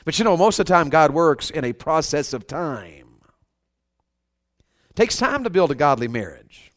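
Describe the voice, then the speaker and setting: A man's voice: a little high, sing-song, normal speed. A man preaching a revival sermon, telling funny stories in a folksy, conversational way and calling on the congregation for amens. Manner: humorous storytelling, asks the crowd for amens.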